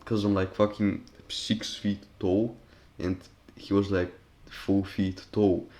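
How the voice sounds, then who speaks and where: A man's voice: deep voice, level tone, takes it slowly, darkish tone. A young man casually telling a personal story over gameplay, profane and rambling, with loose restarts. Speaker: storytime commentary YouTuber.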